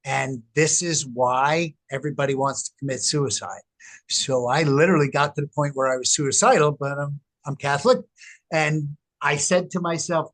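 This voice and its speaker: A middle-aged man speaks as a guest on an interview, his voice sitting a little higher than most men's. He tells his story in an animated, emphatic way and leans hard on key words. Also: moderate pace. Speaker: guest, researcher. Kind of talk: casual interview talk.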